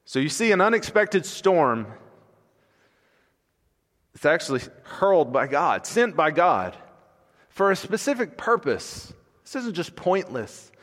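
A man's voice: fairly high pitch, big pitch swings, measured pace, long pauses, a bit bright. A male pastor preaching an expository sermon in a conversational, storytelling way with acted asides, recorded in a church sanctuary. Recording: long reverb in a large hall.

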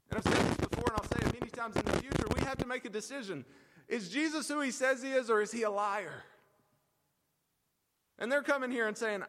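A man delivers an earnest, emphatic sermon, with pauses that let each point land. His voice sits high for a man. A long reverb trails his words through a large hall. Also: fairly bright tone. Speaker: pastor.

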